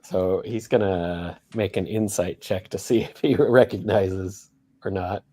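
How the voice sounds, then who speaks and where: A man's voice: deep voice, steady tone, measured pace, mellow. A man playing a tabletop game, laid-back, saying his rolls aloud. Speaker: player. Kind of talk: casual game talk.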